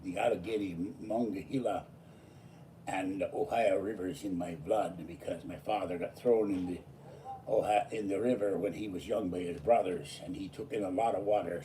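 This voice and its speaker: Tired man, low mellow voice, rambling vlog chat, distant mic with faint background. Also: a little hiss or hum. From Pittsburgh, USA. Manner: digressive, jumping from topic to topic. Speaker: vlogger. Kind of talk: casual rambling monologue.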